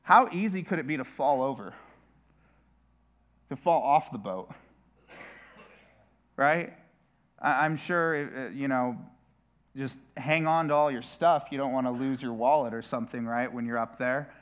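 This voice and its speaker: A man's voice: medium pitch, measured pace, long pauses. A man preaching a sermon as a pastor, speaking conversationally with frequent restarts and asides.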